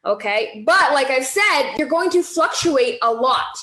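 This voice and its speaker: A high-pitched woman coaches a group through weight loss in an easy, chatty way. She keeps asking "okay?" and "right?" to check that everyone follows. Her voice rings in an echoey room. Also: animated, unhurried, a bit bright.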